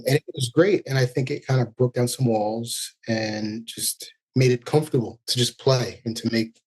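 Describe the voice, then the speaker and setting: Male educator guest, thoughtful and earnest, relaxed interview talk. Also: mid-range voice, normal speed, husky. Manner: reflective, earnest, speaks in long thoughtful runs. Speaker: violinist and music educator, podcast guest. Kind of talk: casual interview chat.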